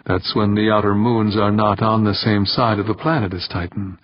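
A man voicing a precise male mathematician who explains matter-of-factly with a sharp edge. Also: on the low side, fairly even intonation, moderate pace, no room sound, dull audio, natural voice. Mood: explaining. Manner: matter-of-fact, slightly sharp.

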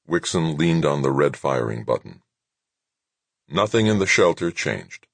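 Man narrating audiobook, extremely low voice, dry close sound. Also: very animated, measured pace, vocal fry, fairly bright tone, no room sound.

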